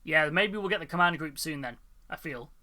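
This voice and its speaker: A man's voice: fairly high pitch, brisk, sharp tone. A man hosting a casual hobby live stream, chatting loosely with many fillers and frequent laughs.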